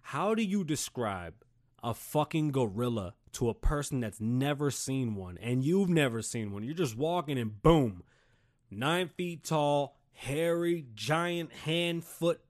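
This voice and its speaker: A man hosting his own show, ranting casually in an animated, profane, rambling way. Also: a little high, slow. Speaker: show host.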